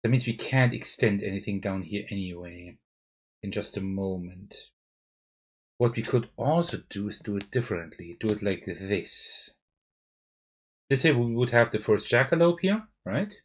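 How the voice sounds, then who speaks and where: Streaming a live card game, a German-accented man thinks aloud and keeps checking himself with "right?". His lowish, slightly rough voice is animated at normal speed, captured by a desk mic alongside a face cam.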